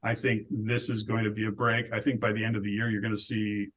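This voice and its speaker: A man's voice: fairly low pitch, little pitch movement, quick pace, pushed and bright, poor audio. An older man from Alberta co-hosting a casual podcast, ranting with rhetorical questions and strong opinions. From Alberta, Canada. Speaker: podcast co-host.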